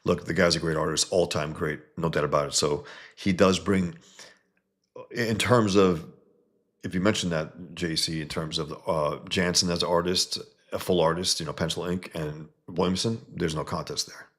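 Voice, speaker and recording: Deep voiced guy rambling on about a comic to his viewers, chatty. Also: steady tone, normal speed, fairly bright tone. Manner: rambling, conversational, many restarts. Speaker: comic book reviewer. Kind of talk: casual video commentary.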